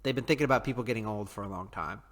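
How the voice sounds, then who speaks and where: A man's voice: on the low side, rapid-fire, fairly bright tone. Rambling, jokey man with an echoing sound. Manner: rambling, jokey, laughs often. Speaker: podcast co-host. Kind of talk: casual chat.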